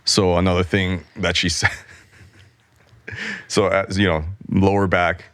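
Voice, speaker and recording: A man's voice: low-pitched, little pitch movement, measured pace, a bit bright, clean tone, dry recording, studio quality. A middle-aged man, a guest on an interview podcast, telling a candid personal story in a rambling, self-interrupting way and acting out the voices of the people in it. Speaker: guest, artist.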